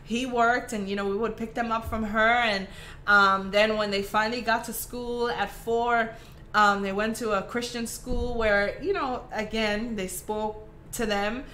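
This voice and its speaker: A woman's voice: a little high, fairly even intonation, a little slow, sharp tone, slight background noise. A woman with a Caribbean accent hosting a live craft tutorial, chatty and affectionate with her viewers. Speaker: craft host.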